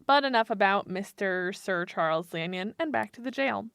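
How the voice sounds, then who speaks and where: A woman's voice: medium pitch, lively intonation, normal speed, gravelly, fairly bright tone, clear, resonant tone, no room sound. A woman co-hosting a podcast, telling a history story in a playful, casual way and laughing between facts. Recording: dry close-mic podcast audio.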